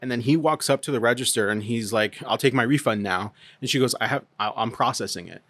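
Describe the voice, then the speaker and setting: A man in his thirties telling a story on a podcast, animated and swearing freely as he acts out the dialogue. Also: mid-range voice, fast talker, dry recording. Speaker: podcast co-host. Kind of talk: casual storytelling chat. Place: podcast studio.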